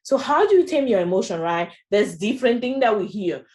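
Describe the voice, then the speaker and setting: A woman's voice: medium pitch, very animated, a little fast, a little mellow. A woman with a French accent presenting a training session in a chatty way, often adding "you know" and "right?". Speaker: workshop presenter.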